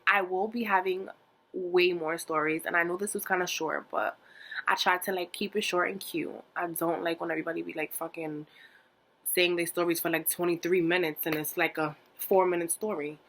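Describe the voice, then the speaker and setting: A young woman telling a story in a casual vlog, animated and dramatic, swearing freely and packing her talk with fillers. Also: lowish voice. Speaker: vlogger.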